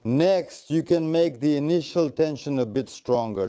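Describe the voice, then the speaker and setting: A man's voice: medium pitch, normal speed, hardly any pauses, mellow, clear, resonant tone, dry recording. A man instructing trainees in tactical first aid, coaching them step by step and repeating short encouragements. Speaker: military tactical medicine instructor.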